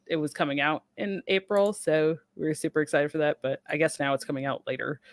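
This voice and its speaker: A woman's voice: low voice, steady tone, brisk, no room sound, clean studio sound. A woman hosting a podcast, upbeat and gushing in casual chat, often laughing. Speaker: podcast host.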